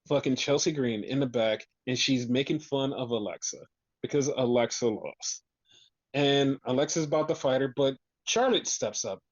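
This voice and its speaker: A medium-pitched man co-hosts a podcast, recapping wrestling in casual, profane chat and acting out the wrestlers' lines. The recording is dry and the audio dull.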